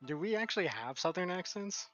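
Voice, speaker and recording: A man's voice: high-pitched, big pitch swings, brisk, a bit bright, highs cut off, faint music behind. A man from Alabama playing a tabletop game over a call, casual and swearing, with sighs. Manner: dry, swearing, sighing. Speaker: player.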